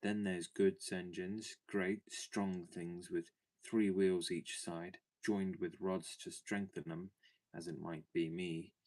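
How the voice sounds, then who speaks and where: A friendly, gabby railway porter with a broad country dialect, as a man puts him on for a storybook. He rambles along in a homely way, his voice sitting very low. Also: flat delivery, slow pace, darkish tone. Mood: chatty. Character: chatty working-class male railway porter.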